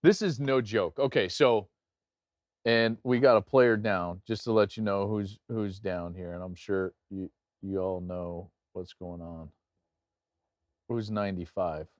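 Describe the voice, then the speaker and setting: A middle-aged man hosting a live football watch-along, commenting excitedly on plays and telling stories he acts out loudly. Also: on the low side, a little slow, no room sound. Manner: animated, jumps into loud acted-out anecdotes. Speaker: host and game analyst.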